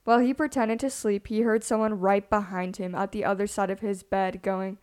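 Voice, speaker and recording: Young woman, podcast co-host, hushed story reading, casual chat, middle pitch. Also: level tone, normal speed, smooth. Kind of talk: reading scary stories aloud and casual chat.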